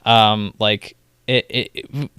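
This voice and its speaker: A man's voice: lowish voice, steady tone, takes it slowly, pushed and bright, clear, resonant tone, no room sound, clean studio sound. A man co-hosting a casual gaming podcast, wry and joking as he talks things over with friends. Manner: wry, joking, slips into mock grumpy voices. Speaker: podcast co-host.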